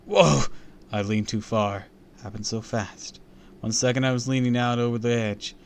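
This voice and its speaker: A man reading a spooky children's story aloud on a live stream, with an expressive, theatrical delivery. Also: medium pitch, moderate pace, a little hiss or hum.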